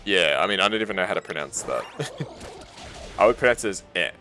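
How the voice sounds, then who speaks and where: A man's voice: low voice, animated, fast, sharp tone, soft background music. A young Australian man, a streamer casually chatting with his live chat while gaming, reading messages aloud and laughing often.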